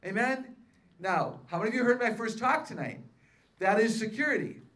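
A woman's voice: a little high, moderate pace. A woman and author speaking to a live audience at a faith-based seminar, peppering them with questions and playful self-mocking humor. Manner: lively, quizzes the audience with questions.

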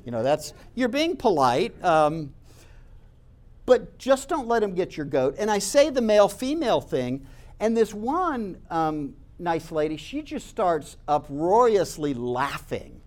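A man's voice: high voice, very animated, measured pace. A man telling stories in a conversational way, speaking straight to his listeners and acting out the voices he quotes. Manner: conversational, addresses listeners directly. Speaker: speaker recounting campus talks. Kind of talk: animated storytelling talk.

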